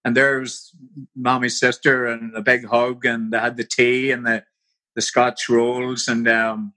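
A man's voice: mid-range voice, flat delivery, measured pace, sharp tone. An older man with a Northern Irish accent, telling stories as an interview guest, rambling and full of "you know". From Northern Ireland. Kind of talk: casual storytelling.

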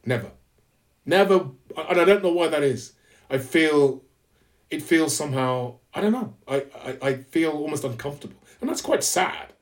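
A man from London with an English accent, a podcast guest talking candidly and reflectively, often restarting his sentences. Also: on the high side. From London, England. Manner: earnest, reflective, halting with restarts. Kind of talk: candid conversational interview.

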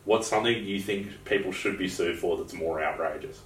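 A young Australian man with a very low voice, chatting bluntly on a podcast. He swears freely and wanders into asides while he tells his stories. He sounds roomy, as if he sits some way back from the mic. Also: moderate pace, a bit bright, distant mic, a little hiss or hum. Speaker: podcast co-host. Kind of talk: casual chat.

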